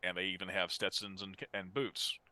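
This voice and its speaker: A man's voice: low voice, level tone, moderate pace, sharp tone. A man in casual conversation who talks in a chatty way and trails off mid-sentence. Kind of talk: casual chat.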